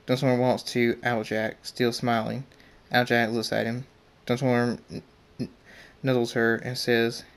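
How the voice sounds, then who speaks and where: A man's voice: mid-range voice, monotone, moderate pace, a bit bright, smooth. A young man casually reading his own story aloud, stumbling and restarting often.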